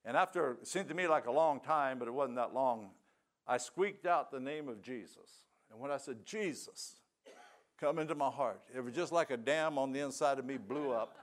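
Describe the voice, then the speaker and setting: A man's voice: mid-range voice, normal speed. An older man giving a sermon testimony, telling his story in a folksy, plain-spoken way. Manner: folksy storytelling with rural grammar.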